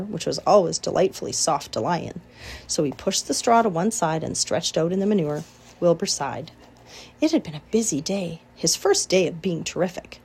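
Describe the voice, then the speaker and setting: A woman narrating a children's storybook. Her voice sits a little low with a husky, breathy grain. She reads with lively, animated pitch. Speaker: audiobook reader.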